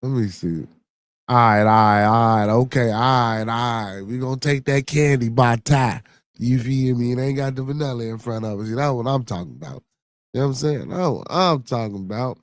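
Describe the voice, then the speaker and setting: A male podcast host chats loosely in street slang, running through his catchphrases in threes. His voice sits at an ordinary middle pitch, and the recording is dry, with no room sound. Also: moderate pace, no echo. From Chicago. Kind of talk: casual livestream chat.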